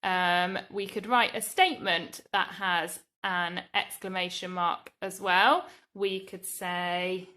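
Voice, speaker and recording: An English woman, a primary school teacher, giving a recorded grammar lesson to young children in a slow, clear, patient way. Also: fairly low pitch, steady tone, sharp tone. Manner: slow, clear, patient explaining with drawn-out example words.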